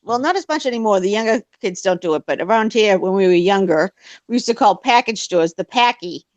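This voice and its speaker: A woman's voice: mid-range voice, animated, fairly quick, dry recording, muffled recording. A woman from New England with a New England accent, hosting a casual panel chat in a teasing, playful way. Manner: teasing, playful, jumps into joking put-on accents.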